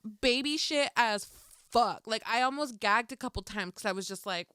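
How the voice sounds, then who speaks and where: A woman's voice: fairly high pitch, moderate pace, pushed and bright, clean tone, dry recording, clean studio sound. A young woman co-hosting a podcast, telling chatty personal stories in casual talk with plenty of swearing. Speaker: podcast co-host. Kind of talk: casual chat.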